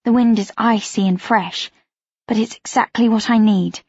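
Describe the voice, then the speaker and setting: A woman reading a first-person audiobook aloud with expressive, tense storytelling. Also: a little high, moderate pace, breathy edge, dry recording, lo-fi sound. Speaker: audiobook narrator.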